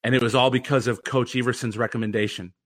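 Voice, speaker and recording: Bright-voiced man telling a story. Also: medium pitch, steady tone, fast. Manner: earnest, reflective storytelling. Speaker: guest, former pitcher and mental conditioning coach. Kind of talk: storytelling in a podcast interview.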